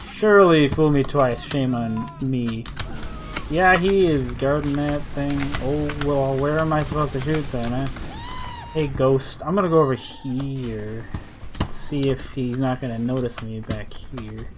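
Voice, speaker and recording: A young man giving jittery, self-mocking commentary while playing a game, with excitable outbursts. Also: medium pitch, measured pace, noisy background. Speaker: gaming video creator. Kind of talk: live gameplay commentary.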